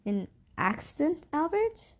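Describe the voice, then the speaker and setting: A woman's voice: sits high, very animated, a little slow, voice pushed up. A woman reading aloud, voicing an anxious, reasonable mother in a storybook, with pleading, rising questions. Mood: urgent.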